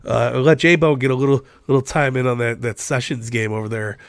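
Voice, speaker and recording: A man's voice: mid-range voice, steady tone, fairly quick, background noise. A man co-hosting a casual wrestling podcast, laid-back and swearing freely. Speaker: podcast co-host.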